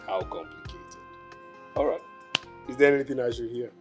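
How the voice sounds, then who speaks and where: A man playing a smooth Nigerian widower suitor. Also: mid-range voice, moderate pace, soft background music, lightly acted. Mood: tender. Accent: Nigerian English. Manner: smooth, persuasive, calm. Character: smooth-talking male widower wooing a woman. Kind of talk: film drama acting.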